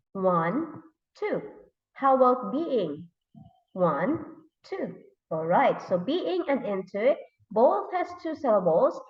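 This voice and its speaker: A woman English teacher with a Thai accent leading a classroom lesson, slowly repeating words and sounding out letters and syllables. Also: a little high, recorded from a distance. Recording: echoey room, dull lo-fi sound.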